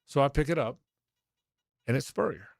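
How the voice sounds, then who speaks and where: Speaking in a mid-range voice with vocal fry, a middle-aged sports radio host from Jacksonville, Florida rambles through a long anecdote at a moderate pace, very animated throughout. He keeps correcting himself and acts out quoted voices. The recording is clean studio sound with no echo.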